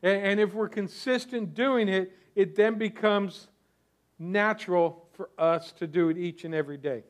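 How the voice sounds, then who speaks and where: A man's voice: high voice, normal speed. A man preaching a sermon as pastor, conversational, with restarts and asides to the congregation.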